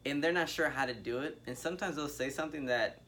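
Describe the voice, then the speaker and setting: A man's voice: on the high side, fast talker, fairly bright tone. A man speaking candidly and casually in a discussion, with slangy asides.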